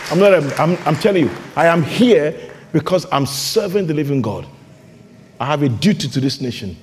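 A man's voice: fairly high pitch, lively intonation, moderate pace, a faint crowd, slight background noise. A man with a Nigerian accent preaching a fervent sermon as pastor, repeating rhetorical questions to his congregation. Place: church hall. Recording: long reverb of a large hall.

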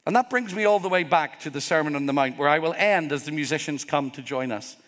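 Preaching as pastor before a congregation in a church hall, this man from Northern Ireland talks fast in a fairly high, fairly bright voice. He is earnest and emphatic, stacking up repeated phrases, and long hall reverb trails his words.

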